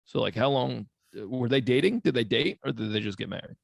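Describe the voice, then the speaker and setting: A man's voice: medium pitch, lively intonation, fairly quick, vocal fry, dry recording, studio quality. A man co-hosting a podcast, chatting in a laid-back, rambling way with jokes. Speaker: podcast co-host. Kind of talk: casual chat.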